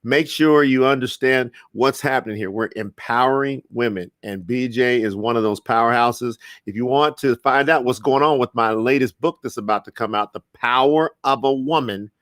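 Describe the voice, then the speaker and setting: A man's voice: mid-range voice, normal speed, hardly any pauses, a bit bright, no room sound. A man hosting a live-streamed interview, enthusiastic and motivational, reading viewer comments aloud. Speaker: host.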